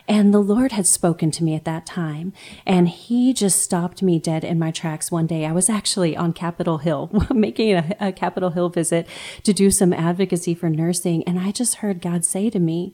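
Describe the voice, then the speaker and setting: Woman host, thirties, earnest and emotional storyteller, low mellow tone. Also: moderate pace. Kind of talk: heartfelt faith conversation.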